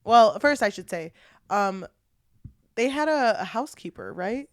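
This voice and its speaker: A woman's voice: mid-range voice, a little slow, no echo, studio quality. Casual woman co-hosting a book chat. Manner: swearing, animated retelling with acted quotes. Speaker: podcast co-host.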